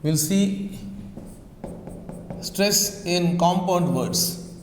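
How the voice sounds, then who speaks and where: A male teacher giving a classroom lesson on word stress, slowly repeating example words aloud. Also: sits high, a little hiss or hum. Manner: slow, repetitive, drills words aloud. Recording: echoey classroom with long reverb.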